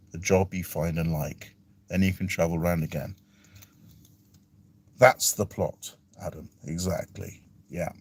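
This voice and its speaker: A man from England with a deep, slightly mellow voice chats casually on a live stream. As a vlogger, he reads out viewer comments from the live chat, chuckling self-deprecatingly.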